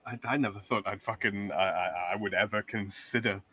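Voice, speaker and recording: A man with a somewhat low, husky voice chats as a podcast guest. He is wry and profane and wanders off on tangents. Faint music sits underneath. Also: steady tone, a little fast, bright, forceful tone, no echo. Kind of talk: casual chat.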